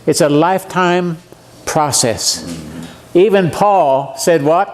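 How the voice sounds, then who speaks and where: A man's voice: fairly high pitch, big pitch swings, slow pace, a little hiss or hum. A man in his seventies, a guest preacher giving a seminar sermon in a church, folksy and joking, often putting questions to his audience. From USA. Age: 70s. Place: church meeting room.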